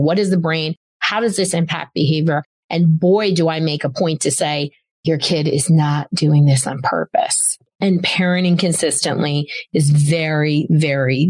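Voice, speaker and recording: A middle-aged woman, a doctor and host, giving casual parenting advice with emphatic repeated words for stress. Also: low voice. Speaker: podcast host and child behavior doctor.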